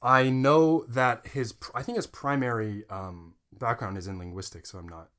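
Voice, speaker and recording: A man's voice: mid-range voice, steady tone, moderate pace, fairly bright tone. A man co-hosting a podcast in casual chat, joking with his co-host and reading passages aloud.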